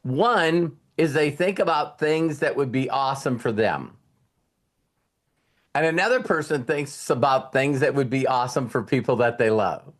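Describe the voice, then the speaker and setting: A man's voice: mid-range voice, normal speed. A man giving a casual motivational talk, telling a story and retelling conversations with repeated words and restarts. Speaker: motivational speaker.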